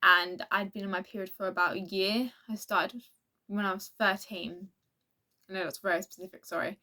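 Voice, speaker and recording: A woman's voice: mid-range voice, fairly even intonation, moderate pace, sharp tone. A teenage girl, telling a rambling storytime in a casual vlog, full of restarts and acted-out quotes. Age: teens. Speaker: vlogger.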